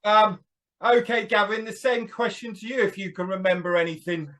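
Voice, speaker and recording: Male host, chatty, high and bright tone. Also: moderate pace. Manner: chatty, running the running order. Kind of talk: hosting a casual panel chat.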